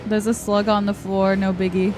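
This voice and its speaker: A woman's voice: mid-range voice, little pitch movement, normal speed. A young adult woman streaming a game, chatting casually, answering her chat and laughing often. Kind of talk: casual live-stream chat while gaming. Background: soft background music.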